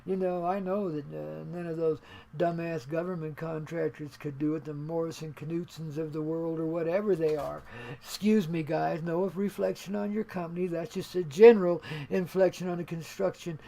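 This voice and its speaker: A high-pitched, gravelly older man hosts a homespun radio show. He rambles in a laid-back, folksy drawl and laughs easily at his own jokes. At times he drifts a bit away from the mic. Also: fairly even intonation, moderate pace, mellow, a little hiss or hum. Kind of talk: rambling spiritual monologue.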